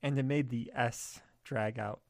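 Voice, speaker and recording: A man narrating a first-person horror story at a steady, measured pace. His voice is mid-pitched and plain. The recording is dry and close. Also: vocal fry, no echo.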